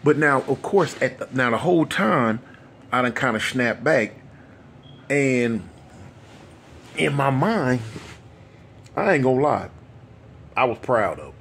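A man's voice: mid-range voice, lively intonation, unhurried, creaky, long pauses, a bit bright, a little hiss or hum. A man, telling a street story in a rambling, conversational way full of asides. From Los Angeles. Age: 50s.

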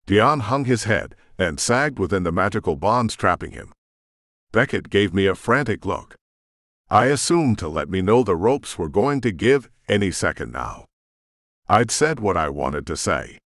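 A man's voice: lowish voice, very animated, unhurried, fairly bright tone, no echo, studio quality. A man narrating a first-person audiobook with tense, emotional storytelling.

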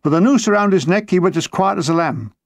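A man's voice: sits high, lively intonation, quick pace, no room sound. A man reading his own wartime memoir aloud, with a dry comic storytelling manner. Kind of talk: audiobook narration.

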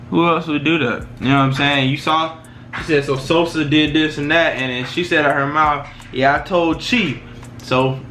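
A man's voice: mid-range voice, sharp tone, a little hiss or hum. A man hosting a commentary video, talking loosely and rambling with many fillers. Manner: loose, rambling, repeats "you know what I'm saying". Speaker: commentary channel host. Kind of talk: casual commentary.

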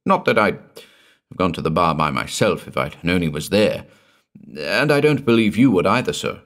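A man's voice: low-pitched, sing-song, normal speed, a bit bright. A man voicing a timid, frightened male inn waiter who talks in an anxious, sheepish way.

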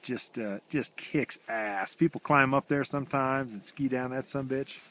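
A relaxed man strolls through snowy woods, filming himself on a handheld camera. He talks in a loose, deadpan, slang-heavy ramble full of "uh" and "just." It sounds like an offhand video diary. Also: mid-range voice, unhurried. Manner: laid-back, slangy, deadpan rambling with fillers. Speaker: vlog host. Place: outdoors in snowy woods by his house.

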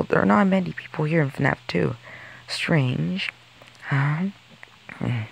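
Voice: medium pitch, slow pace, vocal fry, slightly rough. An amateur creator narrating and voicing characters in an improvised game role-play, stammering and repeating words as they go, recorded on a close home mic. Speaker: fan show creator voicing all characters.

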